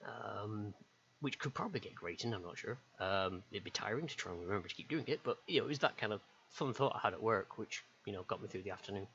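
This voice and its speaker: Low-voiced man rambling on a lo-fi mic. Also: lively intonation, fast, a bit bright. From United Kingdom. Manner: rambling, hesitant, many ums. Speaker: streamer. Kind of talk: casual rambling chat while drawing. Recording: dull lo-fi stream mic with faint hiss.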